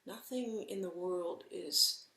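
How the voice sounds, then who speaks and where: A middle-aged woman giving a Zen dharma talk, slow, gentle and reflective with soft pauses, recorded in an echoey room. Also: fairly low pitch, gravelly. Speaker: Zen teacher.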